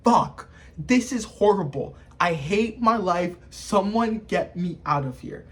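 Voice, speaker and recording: A man's voice: sits high, lively intonation, slow. A man voicing a furious, despairing young man in profane outbursts.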